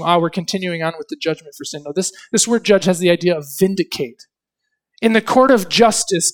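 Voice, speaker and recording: Earnest male preacher expounding scripture. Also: high voice. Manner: earnest expository preaching, rhetorical questions, dramatic scripture reading. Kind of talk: sermon.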